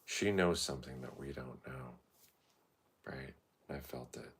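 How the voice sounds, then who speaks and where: A man's voice: extremely low pitch, measured pace, breathy edge. A man vlogging in a loose, meandering monologue, swearing freely and filling gaps with "like" and "you know". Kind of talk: rambling casual monologue.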